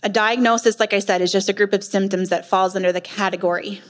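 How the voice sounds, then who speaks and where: A woman's voice: mid-range voice, steady tone, fast. Passionate woman preaching in a hall. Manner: passionate, preacherly, emphatic rhetorical questions. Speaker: nurse practitioner speaking at a women's retreat. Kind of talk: faith-based talk with prayer. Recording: long hall reverb.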